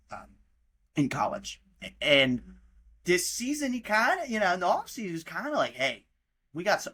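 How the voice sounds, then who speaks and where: Young american dude ranting about college football, cussing a lot, pitch all over the place. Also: male voice, sharp tone, husky. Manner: heated, swears a lot, addresses teams mockingly. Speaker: podcast host. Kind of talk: casual sports rant.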